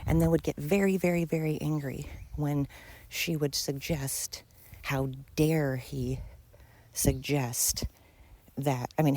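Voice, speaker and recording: Gravelly, emphatic podcast host. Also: medium pitch, darkish tone, no room sound. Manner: emphatic and repetitive, swears freely. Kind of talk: casual storytelling monologue.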